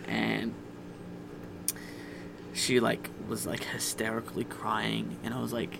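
A man's voice: medium pitch, completely flat delivery, measured pace, creaky, pauses often, noisy background. A young man casually telling a candid, profane personal story on a podcast. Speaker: podcast guest.

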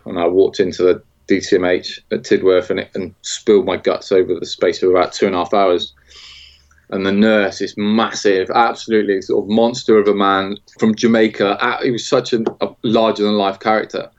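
British guy in his 40s, lowish voice, kinda muffled audio, lots of ums and restarts, telling it straight. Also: darkish tone. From Britain. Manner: halting, with many restarts and fillers. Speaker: guest, military veteran. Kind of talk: candid interview conversation.

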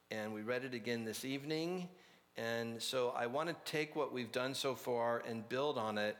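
A man from Southern California preaching a sermon in a relaxed, conversational way, telling stories with asides. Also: medium pitch, big-room sound. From Orange County, California. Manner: conversational, anecdotal, with frequent asides and restarts. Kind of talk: sermon with storytelling.

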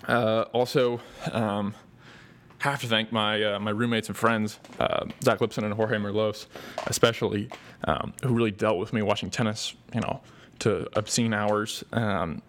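A man's voice: lowish voice, fairly even intonation, a little slow, a bit bright, a little hiss or hum. A young man hosting a podcast, talking in a rambling casual monologue with many fillers and restarts. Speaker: podcast host. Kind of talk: casual thank-you monologue.

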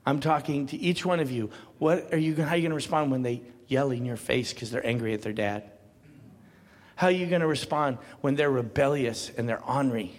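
A man preaching a sermon as pastor, swinging from quiet talk to loud, emphatic calls and laughing often. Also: medium pitch, fairly quick, big-room sound.

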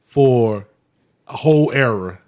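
A man's voice: medium pitch, slow, smooth. A man hosting a podcast, talking casually and laying out the rules in a loose, easygoing way. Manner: relaxed, explains rules at a loose pace. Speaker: podcast host. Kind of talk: casual chat.

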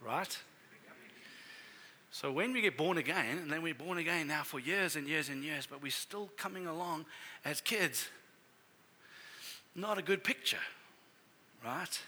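A middle-aged man preaching a sermon as a pastor, telling family stories in a conversational, animated way. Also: a little high, unhurried, pauses often.

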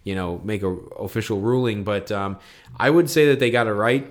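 Laid-back low-voiced man. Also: moderate pace. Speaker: podcast co-host. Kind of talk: casual sports chat.

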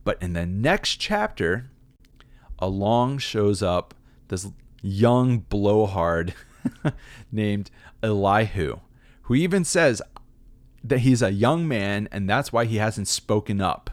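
A man teaching a Bible passage in a relaxed, conversational way, with wry asides. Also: fairly low pitch, slow, dry recording. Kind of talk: casual scripture commentary.

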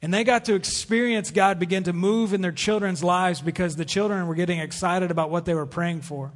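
High-voiced preaching man in a reverberant hall. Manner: earnest preaching with pauses. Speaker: pastor. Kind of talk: sermon. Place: church sanctuary. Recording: long reverb of a church hall.

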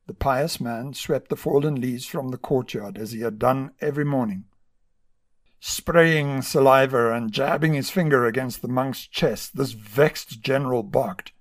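A man hosting a podcast, narrating stories in a measured, scripted storytelling manner. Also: medium pitch. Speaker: podcast host.

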